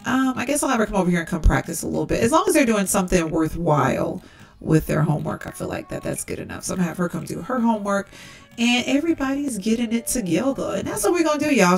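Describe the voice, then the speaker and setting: A woman's voice: very animated, fast talker, gravelly, soft background music. A woman hosting a casual let's-play, chatting through her gameplay and often calling her viewers y'all. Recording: distant low-quality game capture.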